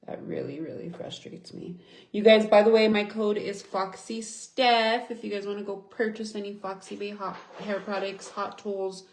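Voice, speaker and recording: A woman's voice: medium pitch, level tone, moderate pace, few pauses, roomy sound. A young woman venting angrily and swearing in a casual livestream chat, reading and answering viewers. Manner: angry, venting, swears often. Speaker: livestream host.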